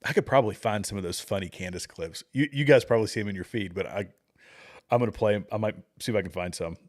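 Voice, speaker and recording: A man's voice: lowish voice, fast talker. A middle-aged man hosting a livestream, chatting casually with viewers, rambling and chuckling at clips. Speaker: livestream host.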